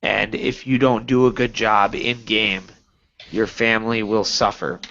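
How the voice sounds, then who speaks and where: A man's voice: lowish voice, steady tone, unhurried, pushed and bright. A man co-hosting a casual gaming podcast, who hedges his talk with lots of fillers. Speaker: podcast co-host. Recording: dull lo-fi sound.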